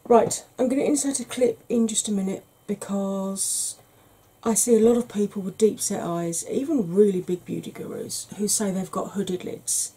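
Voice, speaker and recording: A woman hosting a soft-spoken ASMR makeup tutorial, chatty and explanatory, sometimes dropping into a whisper. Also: mid-range voice, steady tone, moderate pace, slightly rough, rough recording.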